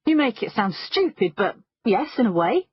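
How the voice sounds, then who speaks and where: A boastful, thrill-seeking man, read by a woman narrator in an audiobook, speaking defensively. The voice is husky. The sound is dry and a little dull. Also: fairly high pitch, big pitch swings, normal speed, no echo, full character voice. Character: adult man, a client, boastful thrill-seeker.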